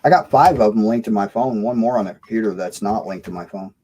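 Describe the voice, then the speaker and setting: Mellow-voiced man hosting a chat stream. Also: lowish voice, fast, slightly rough, rough recording. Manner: joking, asks questions. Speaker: live stream host. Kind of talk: casual chat.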